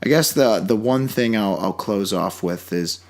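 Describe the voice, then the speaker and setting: Podcast co-host, male, lowish voice, rambling with mock-outraged banter. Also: unhurried, a little mellow. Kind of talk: casual chat.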